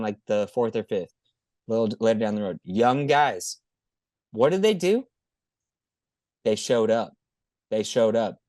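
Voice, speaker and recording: A man co-hosting a podcast, chatting casually about football in an excitable, profane, rambling way. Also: medium pitch, no room sound, studio quality. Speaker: podcast co-host. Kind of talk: casual sports chat.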